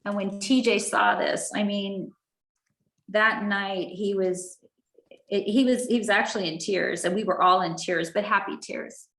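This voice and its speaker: A woman's voice: medium pitch, fairly even intonation, fairly bright tone. Earnest woman telling a story in a roomy echo. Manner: earnest, halting with restarts. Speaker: guest speaker. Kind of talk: personal storytelling.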